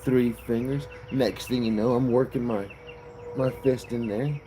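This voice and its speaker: A man voicing a crude joke character who explains himself in a calm, matter-of-fact way. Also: mid-range voice, measured pace, slight background noise, close to an everyday voice, low-quality recording. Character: deadpan crude adult male joke character.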